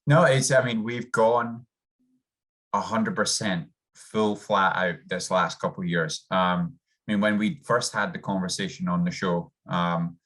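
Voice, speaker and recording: A man's voice: low voice, a bit bright. A man with a subtle Scottish accent, a rugby coach talking earnestly and upbeat as a guest over a video call. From Scotland. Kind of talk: interview guest.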